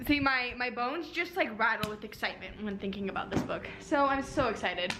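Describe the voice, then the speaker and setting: A young woman book vlogger chatting casually, bubbly and excitable, with sudden squeals. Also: fairly high pitch, a little fast, few pauses, background noise. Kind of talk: casual reading vlog.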